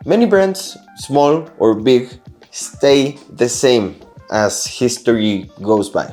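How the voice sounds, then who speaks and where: A man's voice: mid-range voice, a little mellow. A man whose first language is Spanish, reviewing watches in a casual vlog and giving his opinions in an earnest, explaining way with small restarts.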